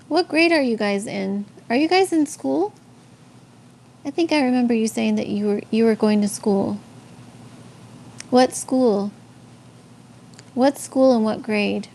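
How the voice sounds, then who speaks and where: A woman's voice: a little high, a little slow, creaky, pauses often, a little mellow. A woman from Texas with a Tex-Mex accent hosting a live stream, chatting with viewers and telling faith stories, with lots of ums and restarts. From San Antonio, Texas. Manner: chatty, answers chat comments, frequent ums and restarts.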